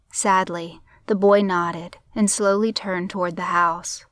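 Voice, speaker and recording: A woman narrating a crime story in a steady, measured audiobook reading. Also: lowish voice, dry recording, studio quality.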